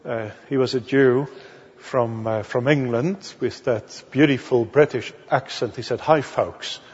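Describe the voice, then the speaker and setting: A male minister from the Netherlands, preaching a sermon in slow, deliberate storytelling that leans on key words. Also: medium pitch, fairly even intonation, darkish tone. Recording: dull audio with long hall reverb.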